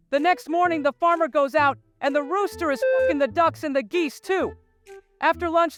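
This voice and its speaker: A woman telling jokes and laughing at her own punchlines. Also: sits high. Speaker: joke teller. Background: faint music.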